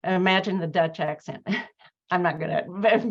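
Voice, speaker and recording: A woman's voice: fairly low pitch, moderate pace. Reflective woman host, slightly muffled. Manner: reflective, storytelling with many fillers and restarts. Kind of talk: conversational interview chat.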